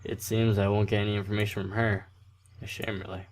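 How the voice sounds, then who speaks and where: A man's voice: on the low side, level tone, a little fast, slight background noise. A man hosting a let's play, reading a visual novel aloud with casual, self-deprecating asides and frequent stumbles over words.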